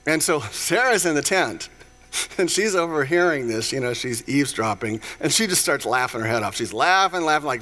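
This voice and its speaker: A man preaching in a relaxed, conversational way, retelling scripture stories with playful voiced asides. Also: medium pitch, brisk. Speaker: pastor. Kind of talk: casual sermon.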